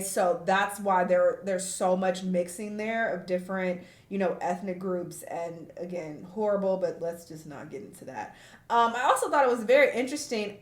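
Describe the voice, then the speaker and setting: A woman's voice: mid-range voice, reverberant. A woman vlogger talking candidly and bluntly to the camera in her apartment. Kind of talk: casual talking-to-camera vlog. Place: apartment room. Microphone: camera in front of her.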